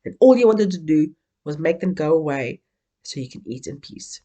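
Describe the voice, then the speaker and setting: A woman's voice: deep voice, expressive, moderate pace, dark tone, highs cut off. A woman from Africa, giving an interactive keynote and playfully coaxing the audience to join in. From South Africa. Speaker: keynote speaker.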